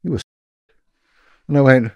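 A man's voice: medium pitch, normal speed, vocal fry, no room sound, lo-fi sound. A middle-aged British man, a former police detective telling a long anecdote in a casual interview, with lots of restarts. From Britain.

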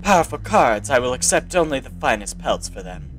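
A man's voice: medium pitch, sing-song, a little fast, fairly bright tone, slight background noise, low-quality recording. A man reading as a stern trapper-trader.

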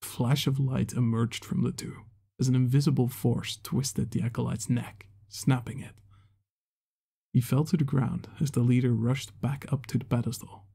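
Brief: male storyteller, gravelly, husky voice, measured reading. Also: mid-range voice, little pitch movement, dark tone. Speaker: fantasy author and narrator. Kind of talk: scripted narration.

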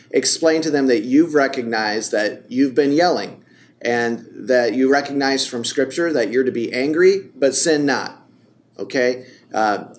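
A man co-hosting a faith and parenting podcast, talking in a lively, casual way and laughing easily. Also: mid-range voice, slight background noise. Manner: energetic, quick to laugh.

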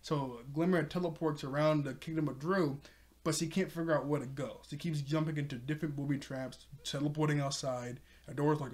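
A man's voice: on the high side, steady tone, fairly quick, darkish tone. A man recapping a cartoon episode in a loose, rambling way, full of fillers like "like" and "you know", often chuckling. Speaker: TV show reviewer.

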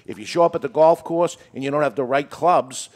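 A man who runs a cigar shop, telling an animated story about a customer. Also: on the high side, a little fast. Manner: animated anecdote, acts out customers. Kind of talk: storytelling in casual chat.

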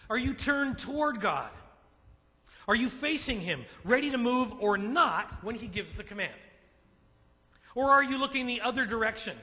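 A man pastor preaching a sermon to a men's group, emphatic and animated, slipping into acted asides. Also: high-pitched. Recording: long reverb in a large hall.

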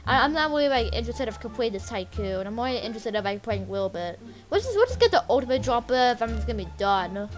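A woman casually commenting while playing a game, rambling and excitable with lots of filler words. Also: on the high side, fast talker, soft background music. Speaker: gameplay channel host.

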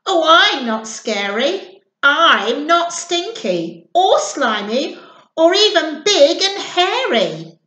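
A woman voicing a small, kind-hearted male monster in a children's storybook who squeaks politely and frightens easily. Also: very animated, takes it slowly, bright, forceful tone, heavily acted. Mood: pleading. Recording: roomy echo.

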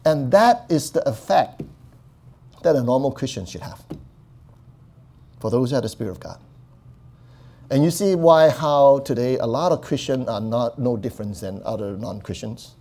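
A male pastor preaching a sermon, talking to the congregation in a conversational way and often asking "right?", then rising to loud proclaiming. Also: medium pitch, moderate pace, pauses often, slight background noise. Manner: swings from quiet talk to loud proclaiming.

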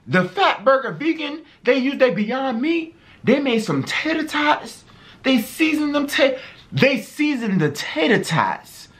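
A vlogger from North Carolina, with a North Carolina accent, reacting loudly and excitedly to cooking videos, often exclaiming and breaking into song. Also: medium pitch. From North Carolina, USA. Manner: loud, exclaiming, breaks into singing and shouts.

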